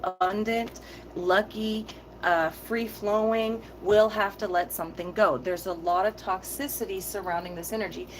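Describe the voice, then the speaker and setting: A woman in the middle of a spoken tarot reading, speaking at an ordinary pitch. She is firm and intense, circles back to repeat her points, and addresses her audience in a casual, direct way. A faint hiss of noise sits under her voice. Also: poor audio. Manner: firm, emphatic, repeats key phrases; heated, intense delivery. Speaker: tarot reader.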